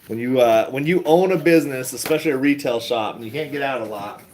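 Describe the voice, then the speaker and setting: A man's voice: mid-range voice, fast, darkish tone, rough recording. Middle-aged guy just shooting the breeze, laughs a lot, hiss and road noise behind. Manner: laid-back, laughs often, rambling. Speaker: stock vlogger. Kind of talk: casual chat to viewers. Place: around his retail shop and car.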